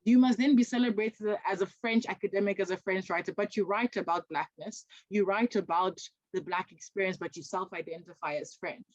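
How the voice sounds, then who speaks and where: A woman's voice: medium pitch, fairly quick, hardly any pauses, no echo. A woman, speaking as a podcast guest in an emphatic, passionate way. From South Africa. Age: 20s. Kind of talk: podcast conversation. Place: remote video call. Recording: dull, dry video-call audio.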